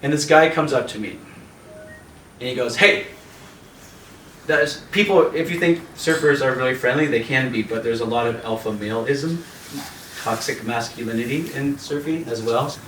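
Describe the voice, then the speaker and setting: A man from Canada tells a lively story on a video call, laughing often and acting out voices. He sits back from the mic in a roomy space, with faint hiss underneath. His pitch sits in the middle range. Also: moderate pace, distant mic. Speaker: yoga teacher and host.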